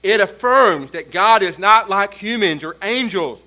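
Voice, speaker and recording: A man preaching an expository sermon as pastor, emphatic, building force on repeated points and then dropping low. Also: animated, unhurried, pushed and bright, rough recording.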